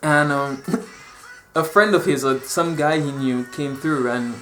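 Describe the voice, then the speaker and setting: A man's voice: a little high, slow. Young man, casual vlog storyteller, echoey room with faint music. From Dominica. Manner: animated, repeats words, acts out quotes. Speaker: vlogger.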